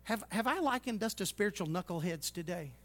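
A man preaching a sermon, folksy and teasing, swinging from loud exhortation to hushed asides. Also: high voice, animated, a little fast. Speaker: pastor.

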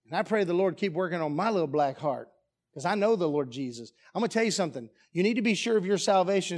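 A pastor with a notably high voice preaches to his church. He drives his points home with repeated rhetorical questions and forceful emphasis. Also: lively intonation, quick pace. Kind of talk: sermon. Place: church sanctuary.

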